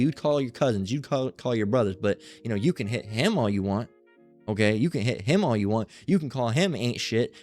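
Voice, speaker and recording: A man's voice: medium pitch, darkish tone. A man preaching in an unscripted rant, blunt and profane, full of "you know" and "all right?" tags and frequent stammered restarts, with Bible passages read aloud. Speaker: online preacher.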